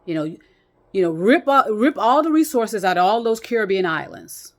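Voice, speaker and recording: A woman's voice: mid-range voice, lively intonation, normal speed. A woman talking casually to her viewers from a chair at home, rambling with many restarts and fillers and swearing bluntly. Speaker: vlogger. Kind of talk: casual monologue to camera. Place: small room at home, in a chair.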